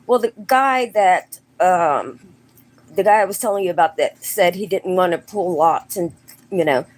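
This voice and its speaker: A woman casually retelling a story in a slow, meandering way, full of fillers and restarts, slipping into quick quoted voices. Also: lowish voice. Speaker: storyteller host.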